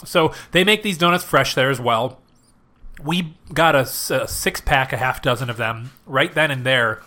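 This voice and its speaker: A man's voice: medium pitch, moderate pace, sharp tone. A young man co-hosting a podcast, reviewing food in a laid-back chat with casual swearing and dry teasing. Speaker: podcast co-host.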